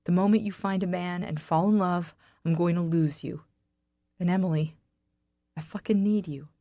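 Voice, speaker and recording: A woman's voice: on the low side, moderate pace, dark tone, no room sound, close to an everyday voice. Woman voicing a heated, brooding young man. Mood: desperate. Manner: heated, cursing.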